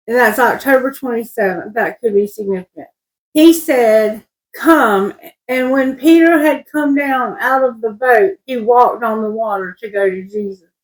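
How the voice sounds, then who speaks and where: On a low-quality recording, a woman with a fairly high-pitched voice reads from scripture and wanders through her reflections on it. She's a tarot reader, and she talks slowly, rambles, restarts sentences and corrects herself in this casual spiritual reading.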